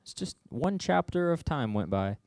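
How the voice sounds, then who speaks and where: A young man giving a casual sermon, telling a story in a joking, conversational, animated way. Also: a little high, normal speed, vocal fry, no room sound, studio quality. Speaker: youth speaker.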